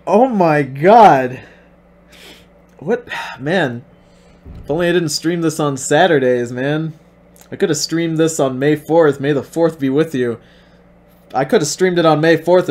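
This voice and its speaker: A man's voice: a little high, a little slow, a little mellow. A man streaming a video reaction, casual and mock-outraged, swearing often.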